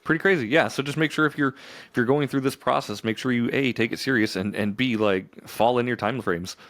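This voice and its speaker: A man's voice: mid-range voice, fairly quick, a bit bright, dry recording. A man co-hosting a podcast in casual chat, mostly affirming his partner and asking short follow-up questions. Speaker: podcast co-host.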